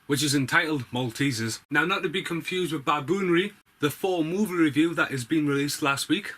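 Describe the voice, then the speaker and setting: A man's voice: on the high side, brisk, few pauses, fairly bright tone, soft background music. A man telling a story to camera in a sarcastic, sweary monologue full of asides. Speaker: vlogger.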